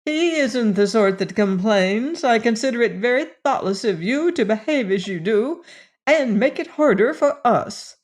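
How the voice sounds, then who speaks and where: A middle-aged mother speaks in a reproving, martyred manner, voiced by a woman narrator. Her delivery is slow and deliberate. This is an audiobook character voice. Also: a little high, lively intonation, pitched above the performer's own voice.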